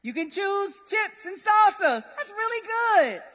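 A woman preaching a sermon in a lively, conversational, relatable way. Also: extremely high pitch, unhurried. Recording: long hall reverb.

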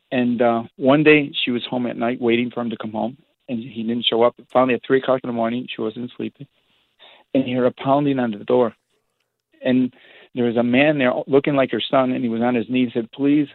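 A priest talks fast, piling up stories with restarts and animated asides. His voice comes through a thin, tinny phone line with no room sound at all. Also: medium pitch, gravelly, dry recording. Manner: rambling, animated storytelling with restarts. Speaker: priest, guest. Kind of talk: casual storytelling on a phone-in show.

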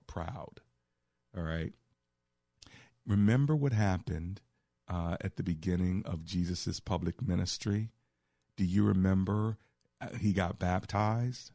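A middle-aged man hosting a call-in radio show as a pastor, teaching scripture with a preacher's cadence that slows for quoted verses. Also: low-pitched, gravelly, mellow, no echo, studio quality. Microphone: studio microphone.

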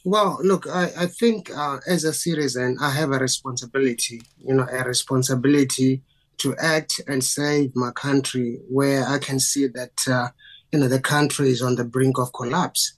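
A man's voice: mid-range voice, steady tone, normal speed. Earnest South African man, guest on radio. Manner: earnest, repeats "you know" often. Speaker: interview guest, candidate.

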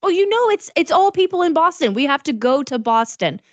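Excitable woman co-hosting a podcast. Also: high voice, fairly quick, no room sound, muffled recording. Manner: excitable, laughs often, colloquial. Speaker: podcast co-host. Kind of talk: casual chat.

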